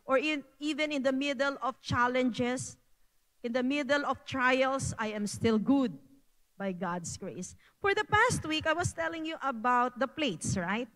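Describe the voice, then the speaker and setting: A woman's voice: high-pitched, lively intonation, a bit bright, in a large hall, low-quality recording. A woman with a Filipino accent giving an earnest, repetitive health talk at a church prayer meeting. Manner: earnest, repeats phrases, slow.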